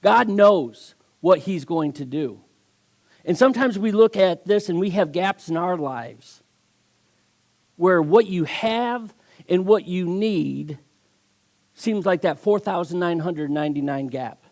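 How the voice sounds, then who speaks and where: Male guest preacher, gravelly, a bit high, emphatic storyteller, sermon delivery. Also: lively intonation, slow, darkish tone. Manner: storytelling with acted voices, emphatic.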